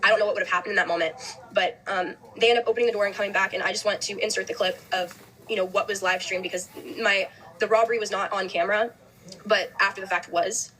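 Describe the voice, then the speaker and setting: A young woman hosting a podcast, telling a personal story quickly with lots of "like" and restarts. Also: mid-range voice, steady tone, sharp tone, poor audio. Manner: fast, heavy use of "like", restarts. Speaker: host.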